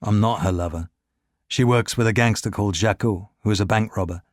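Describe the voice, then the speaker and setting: A man's voice: fairly low pitch, a little fast, no echo, studio quality, close to an everyday voice. A man reading as a terse, guarded French writer. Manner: quiet, clipped answers.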